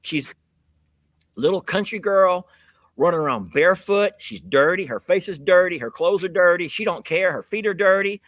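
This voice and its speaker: A man hosting a live chat in a chatty, folksy way, his pitch swinging widely with animation. The sound is dry and close, with no room around it. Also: lively intonation, normal speed, a bit bright, no room sound. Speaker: livestream host. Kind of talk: casual live chat with a guest.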